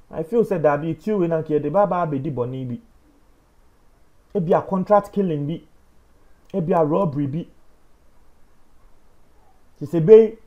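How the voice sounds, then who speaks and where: A high-pitched man with a Ghanaian accent delivers news commentary. He talks emphatically and with animation, rising loud and dropping soft as he presses his points. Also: highs cut off. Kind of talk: opinion commentary.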